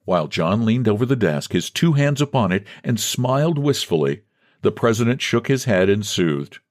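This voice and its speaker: A man narrates a classic thriller in a measured storytelling way. His pitch moves expressively through the lines. The recording is dry and close. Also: big pitch swings, no echo. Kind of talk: scripted narration.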